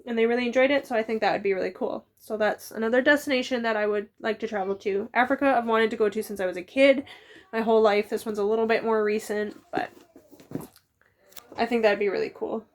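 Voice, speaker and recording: Chatty woman in her thirties, high voice. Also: fairly even intonation. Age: 30s. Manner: chatty, rambling, quick asides. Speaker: book vlogger. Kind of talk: casual chat.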